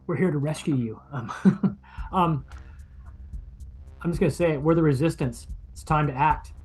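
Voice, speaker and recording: A man's voice: a little high, normal speed, a little mellow, slightly rough, soft background music. A man voicing an earnest male primate resistance fighter, speaking with some hesitation.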